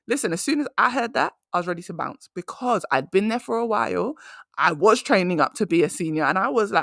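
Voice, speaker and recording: A woman's voice: fairly low pitch, expressive, fairly quick, creaky, fairly bright tone, no room sound, studio quality. A young adult woman hosting a solo career-coaching podcast, telling stories with emphatic conversational energy.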